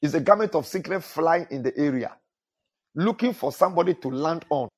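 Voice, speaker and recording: A man's voice: fairly high pitch, lively intonation, brisk, slightly rough. A male pastor preaching a sermon, repeating phrases and asking the congregation to fill in words. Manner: repetitive preaching with call-and-response questions to the congregation.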